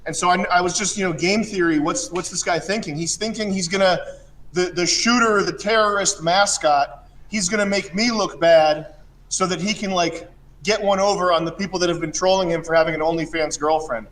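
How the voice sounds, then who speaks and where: A man hosting a casual chat, rambling and mocking, sometimes breaking into shouted rants. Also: sits high, brisk, a little hiss or hum. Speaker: show host.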